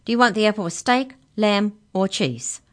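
A woman voicing a huge male giant pastry cook who booms loudly in a storybook reading. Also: expressive, moderate pace, natural voice. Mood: booming. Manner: booming, loud.

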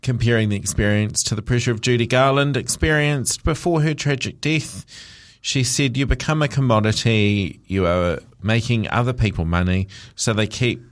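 A man's voice: medium pitch, moderate pace, few pauses. A man hosting a show, reading celebrity news with chatty asides and jokes, often stumbling over words. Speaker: radio host.

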